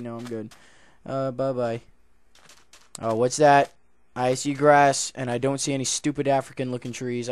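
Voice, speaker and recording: A young man giving casual commentary while he plays a video game. He goes from low muttering to loud, excited outbursts and then back to chatting. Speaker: gaming YouTuber.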